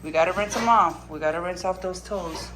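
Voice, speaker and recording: A woman dog vlogger chatting casually, coaxing her dog in a soft voice and telling the story in lively slang. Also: lowish voice, fairly quick, over music. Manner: animated, swearing slang. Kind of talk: casual vlog chat.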